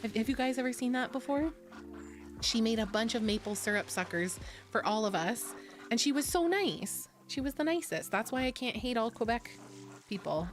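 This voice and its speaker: A woman's voice: on the high side, expressive, normal speed, soft background music. A young woman from Ontario, chatting casually with her stream audience. She is blunt, laughs often and swears freely. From Ontario, Canada. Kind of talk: casual chat.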